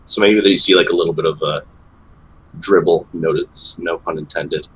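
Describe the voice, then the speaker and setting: A man playing a tabletop game, describing his character in a halting, hesitant way. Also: low-pitched, steady tone, a bit bright, breathy edge, low-quality recording. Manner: hesitant, many fillers and restarts. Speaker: player.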